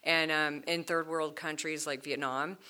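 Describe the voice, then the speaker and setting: A low-pitched woman tells her stories with lively energy, often laughing and slipping into voices for the people she quotes. Her voice is low but bright and forceful. It is a relaxed, casual conversation. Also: unhurried, clear, resonant tone. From United States.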